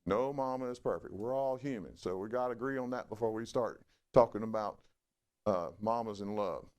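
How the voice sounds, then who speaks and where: A middle-aged man preaching a sermon in a folksy, conversational way. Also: brisk. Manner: folksy, conversational preaching with lively swings in pitch. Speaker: pastor.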